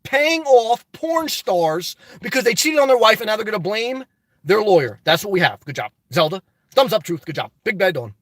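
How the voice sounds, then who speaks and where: A man's voice: sits high, big pitch swings, moderate pace, a bit bright, no echo. A man reading chat on a phone live stream, talking politics in an emphatic casual way. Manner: emphatic, repeats "okay?" and "good job".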